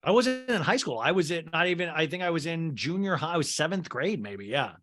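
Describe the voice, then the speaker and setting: A man's voice: fairly high pitch, very animated, fairly quick. A man from Kansas hosting a comedy podcast. He rambles through a movie recap and acts out the characters' lines as he goes. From Kansas, USA. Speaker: podcast host.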